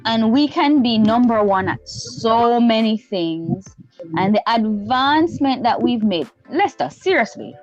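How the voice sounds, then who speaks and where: Teasing Jamaican woman, lively pitch. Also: unhurried, muffled recording, faint music behind. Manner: teasing, laughs often, slips into patois. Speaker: talk show panelist. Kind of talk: lively casual banter.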